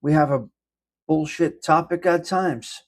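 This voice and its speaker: A man's voice: a little high, a little slow. A man hosting a casual live-stream coffee chat, rambling and self-deprecating as he greets viewers by name. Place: indoors at home.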